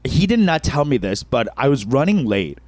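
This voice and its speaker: A man co-hosting a comedy podcast, telling a story in an animated way with frequent laughs and casual swearing. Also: mid-range voice, normal speed, no echo. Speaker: podcast co-host, stand-up comedian.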